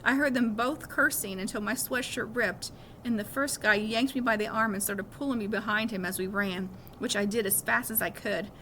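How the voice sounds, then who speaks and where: A woman reading a children's novel aloud with lively storytelling. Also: medium pitch, normal speed, slight background noise. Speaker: reader of a novel.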